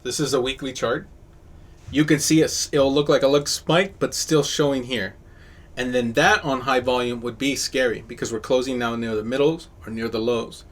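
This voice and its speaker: Male host, casual chart-analysis chat, mid-pitched, easygoing delivery. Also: steady tone, moderate pace. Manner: casual, upbeat, talks through charts. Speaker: host of a crypto chart show.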